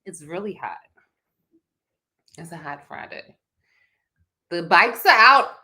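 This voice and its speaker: A woman with a Philadelphia accent co-hosting a live chat show, talking in an animated, emotional way and breaking into song now and then. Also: fairly low pitch, slow pace. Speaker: podcast co-host.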